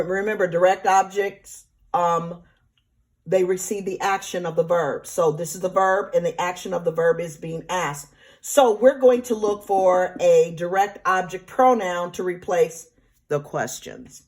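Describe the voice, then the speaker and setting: A woman teacher talks through a recorded grammar lesson, patient and methodical. Her voice sits a little low, and she keeps checking in with the class as she explains each step. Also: a little slow, darkish tone. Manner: patient, explanatory, repeats with checks like right and okay. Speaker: Spanish teacher. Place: classroom or home, remote teaching.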